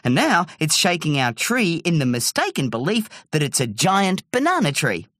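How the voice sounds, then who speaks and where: A woman narrating a children's story aloud with animated, character-filled delivery. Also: deep voice, normal speed, no echo, clean studio sound. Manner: animated, swoops between character voices.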